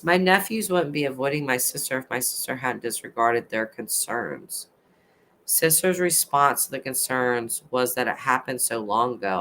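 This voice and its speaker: A woman's voice: very deep voice, a bit bright. A woman in her thirties hosting a casual livestream, reading chat aloud and ranting with passion, swearing now and then. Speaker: livestream host.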